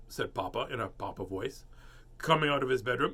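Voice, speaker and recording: A man's voice: medium pitch, animated, a little fast, a bit bright, husky. A man reading a children's storybook aloud, doing playful character voices and joking asides. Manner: playful, jokey asides and puns. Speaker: storybook reader.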